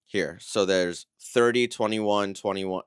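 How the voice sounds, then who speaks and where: Low-voiced man breaking down dance routines. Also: slow pace, smooth, dry recording, clean studio sound. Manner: conversational, critical but encouraging, frequent "right?" tags. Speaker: dance competition analyst. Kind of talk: livestream routine breakdown commentary.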